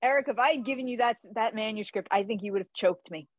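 A woman's voice: a little high, fast, no room sound. A woman author chatting casually, telling a story about herself and acting out the dialogue. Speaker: author guest. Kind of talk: casual chat.

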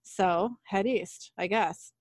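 A woman co-hosting a podcast, casually retelling an episode scene by scene and reading the dialogue aloud in a plain, even way. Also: medium pitch, slow pace, no room sound, studio quality. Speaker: podcast co-host recapping an episode.

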